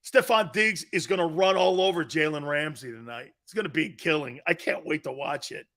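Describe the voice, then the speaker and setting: A man hosting a sports talk stream, reading fan comments and trash-talking in loud, brash bursts. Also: a little high, fairly quick. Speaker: sports talk show host.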